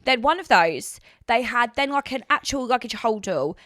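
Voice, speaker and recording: A young woman from London tells a story on a podcast, chatty and animated. Her voice is bright and clear, recorded close and dry with no room sound around it. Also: normal speed, no echo. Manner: animated, chatty storyteller, breaks into high laughter. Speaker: podcast co-host. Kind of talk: casual storytelling chat.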